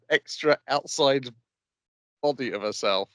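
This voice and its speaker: A man's voice: mid-range voice, slow pace, fairly bright tone, no room sound. Laid-back man summarizing an anime plot. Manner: laid-back, plot-summarizing, chuckles through his lines. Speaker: podcast co-host. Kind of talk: casual chat recapping an anime.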